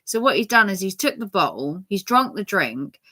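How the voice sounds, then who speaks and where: A woman's voice: mid-range voice, big pitch swings, normal speed, fairly bright tone. A middle-aged woman chatting casually to her viewers, rambling with lots of fillers and restarts. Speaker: channel host.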